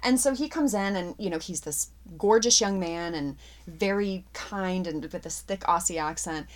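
A middle-aged woman, an actress, chatting in an interview, telling stories with animated laughter. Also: fairly low pitch, moderate pace. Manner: animated, laughs often, expressive storyteller. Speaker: actress guest. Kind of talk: casual interview chat.

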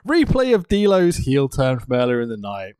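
Sweary animated podcast guy. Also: medium pitch, normal speed, clean tone, no echo. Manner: laughs often, sweary, animated recapping. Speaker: podcast co-host. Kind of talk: casual wrestling recap chat.

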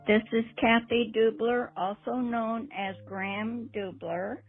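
An older woman speaks slowly and deliberately, leaving an earnest, formal message of good wishes. Her voice comes through a thin, tinny phone line. Faint music plays underneath. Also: a little high, steady tone, husky.

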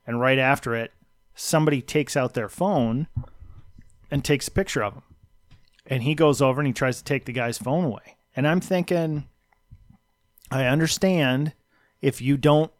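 A man's voice: mid-range voice, normal speed, pauses often, no room sound. A man from Minnesota hosting a casual talk show, telling stories in a wry, conversational way. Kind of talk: casual chat.

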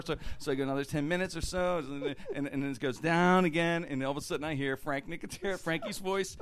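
Bright-voiced comic telling stories. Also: male voice, fairly high pitch, quick pace, hardly any pauses. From Pittsburgh, USA. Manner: loose, profane, laughing storyteller. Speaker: comedian host. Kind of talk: casual chat and storytelling.

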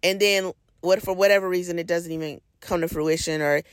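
A woman's voice: on the low side, fairly even intonation, fairly quick, clean tone, no echo, clean studio sound. A middle-aged woman hosting a solo podcast, giving blunt, no-nonsense advice in a casual talk. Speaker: podcast host.

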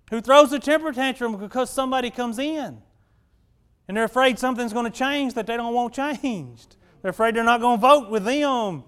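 A male pastor preaches in a folksy, talky way, often tossing questions back to the congregation. His voice sits high for a man, and his sermon swings between easy chat and raised emphasis. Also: normal speed, a bit bright, clean tone. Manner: folksy, conversational, keeps asking the congregation "right?".

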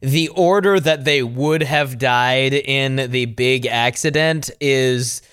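Clear-voiced man thinking aloud. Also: mid-range voice, slow, fairly bright tone. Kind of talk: casual chat, riffing.

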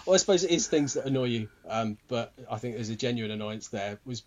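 A laid-back man chats on a podcast, soft-spoken and easy. His voice is mid-pitched for a man. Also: lively intonation, fast, dull audio. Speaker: podcast co-host. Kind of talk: casual chat.

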